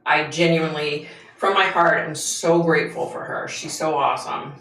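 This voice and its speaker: A woman's voice: low voice, normal speed, creaky, a bit bright, roomy sound, poor audio. A woman hosting a casual livestream from the United States, chatting with viewers and greeting them by name, with lots of fillers. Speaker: livestream host.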